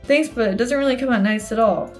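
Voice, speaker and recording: A woman's voice: on the high side, fast, soft background music, lightly acted. A woman reading as a reserved, formal teen girl. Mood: polite.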